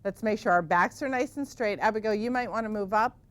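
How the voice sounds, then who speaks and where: A woman teaching yoga to children in a gentle, encouraging way, asking them lots of questions. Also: medium pitch, fairly quick.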